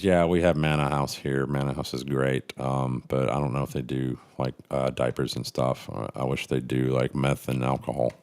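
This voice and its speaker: A middle-aged man with a very deep, low voice talks casually on his livestream. He rambles in a cynical, profane way, often stumbling and restarting his sentences while catching up on chat. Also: a little mellow. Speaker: livestream host reading chat.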